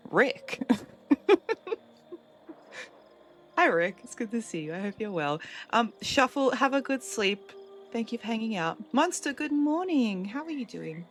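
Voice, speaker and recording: A woman's voice: fairly high pitch, very animated, moderate pace, fairly bright tone, slight background noise. A woman streaming a game at home, chatting casually with her viewers and laughing easily. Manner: chatty, reads out and answers chat, laughs easily. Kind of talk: casual live-stream chat while gaming.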